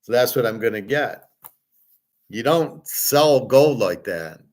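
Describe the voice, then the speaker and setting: A man's voice: medium pitch, expressive, slow pace. A middle-aged man hosting a show, talking casually in a blunt, profane and exasperated way. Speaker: host. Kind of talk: casual ranting commentary.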